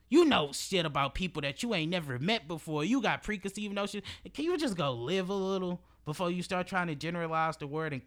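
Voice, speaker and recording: A young man in his early twenties hosts a motivational monologue with a high, bright, forward voice. He talks emphatically and preachily in loose slang, swearing and hammering his points through repetition. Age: early 20s. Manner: repeats phrases for emphasis. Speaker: podcast host.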